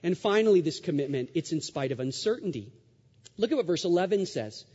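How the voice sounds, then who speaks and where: A man delivers a sermon in a fairly high, mellow voice, pressing his points with rhetorical questions and repetition. His words ring out with a long reverb, as in a large church sanctuary. The sound is a little dull and muffled. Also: animated, fairly quick, husky. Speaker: pastor.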